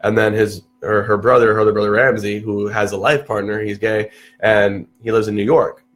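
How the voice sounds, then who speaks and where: A young man, telling stories in casual chat, full of restarts and acted-out quotes. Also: a little fast. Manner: animated, restarts often, acts out quotes in a higher voice. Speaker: podcast guest.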